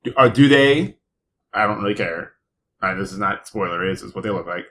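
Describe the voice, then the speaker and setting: A man's voice: fairly low pitch, animated, fairly quick, pushed and bright, a little hiss or hum. A man in casual chat, dropping jokey asides and questions.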